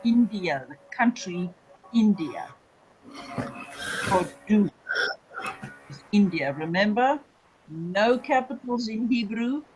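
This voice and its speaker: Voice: medium pitch, expressive, darkish tone, highs cut off, faint music behind. A Hebrew teacher giving a classroom lecture, patiently repeating each word and checking that students follow. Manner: drills words by slow repetition; patient, checks understanding with "okay?" and "remember".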